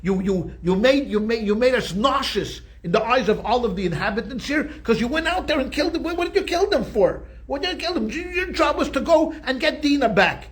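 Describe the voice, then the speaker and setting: A man's voice: very high-pitched, lively intonation, brisk, hardly any pauses, pitched above the performer's own voice. A man voicing a furious old male patriarch who scolds his sons in a sputtering, angry way.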